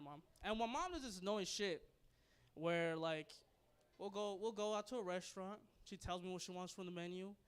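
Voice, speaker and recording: A man's voice: high-pitched, fairly bright tone, clear, resonant tone. A young man doing a stand-up comedy set, loose and crude, rambling and laughing at his own jokes. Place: comedy club stage.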